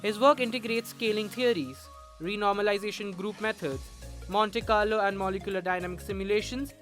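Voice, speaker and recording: A man's voice: high-pitched, steady tone, a little fast, a bit bright, faint music behind. A man hosting a podcast, reading a scripted introduction. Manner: formal, reading credits and bio. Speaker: podcast host.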